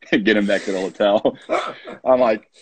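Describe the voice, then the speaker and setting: A man in his thirties from Poland, a college soccer coach, telling lively anecdotes as a podcast guest and acting out his own quoted lines. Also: on the low side, slow pace, husky, low-quality recording. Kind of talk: casual storytelling interview.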